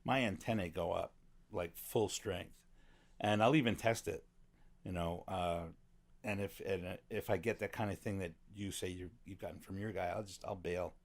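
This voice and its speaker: A man's voice: low-pitched, steady tone, normal speed. A man talking as a guest on a podcast, wry and chatty, cutting in with comments. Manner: wry, interjects with comments and laughs. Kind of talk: casual conversation.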